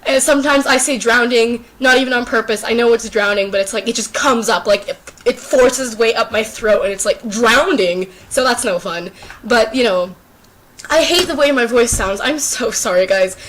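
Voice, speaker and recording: A woman's voice: a little high, normal speed, fairly bright tone, a little hiss or hum. A teenage girl with a sore throat, chatting casually and rambling to the camera, self-deprecating and full of fillers. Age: teens. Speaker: YouTuber. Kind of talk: casual unscripted chat to camera.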